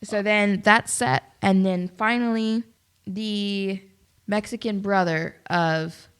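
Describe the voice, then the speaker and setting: A woman co-hosting a film podcast, chiming in quickly and finishing her partner's sentences. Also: mid-range voice, steady tone, clear, resonant tone. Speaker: podcast co-host. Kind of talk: casual film review chat.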